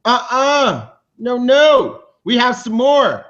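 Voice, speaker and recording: A man hosting a team video show, announcing awards with high energy, talking fast and restarting his sentences. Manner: energetic, hyped, talks fast with loose restarts. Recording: dull lo-fi sound.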